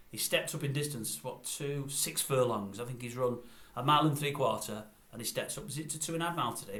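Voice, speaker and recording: An older man rants through a blunt, grumbling review in a mid-pitched voice, repeating his complaints. He is recorded in a room that gives his voice a noticeable echo. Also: a bit bright. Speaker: vlogger. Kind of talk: ranting review.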